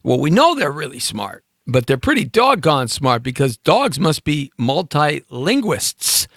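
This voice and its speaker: A man's voice: on the high side, very animated, measured pace, gravelly, fairly bright tone, dry recording, studio quality. A man hosting a live talk show, musing and joking in a rambling way, with many fillers. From United States. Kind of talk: rambling live-stream monologue.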